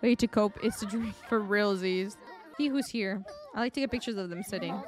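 A woman streaming a life-sim game, chatting excitably with frequent gasps and laughs. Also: mid-range voice, moderate pace. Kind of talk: casual gameplay commentary.

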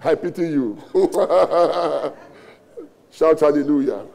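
High-pitched Nigerian pastor preaching emphatically. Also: male voice, slow pace, gravelly, a little mellow. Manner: emphatic preaching with rhetorical questions and repetition. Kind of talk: sermon.

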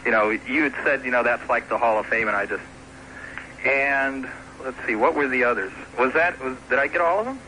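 A man's voice: mid-range voice, a little fast, sharp tone, slight background noise, low-quality recording. A man calling in to a radio talk show, rambling and chuckling as he picks his nominations. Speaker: caller. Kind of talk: phone-in chat.

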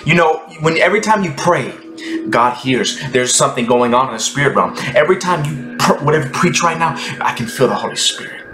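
A man giving a rambling, ecstatic spiritual monologue that sometimes drops into hushed whispers. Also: a little high, lively intonation, a little fast. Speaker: Christian content creator. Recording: echoey room with music behind.

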